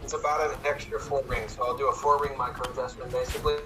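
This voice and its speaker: A man hosting casual commentary, calmly explaining his shots step by step while he plays. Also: medium pitch, fast talker, soft background music, rough recording. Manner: relaxed, explaining tips step by step. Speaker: host.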